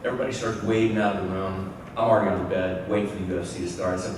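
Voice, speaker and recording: A man telling a profane comic story to a convention audience, animated and swearing freely while mimicking others. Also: low-pitched, very fast. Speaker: convention panel guest. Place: large convention hall. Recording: echoey hall, distant mic, loud noise.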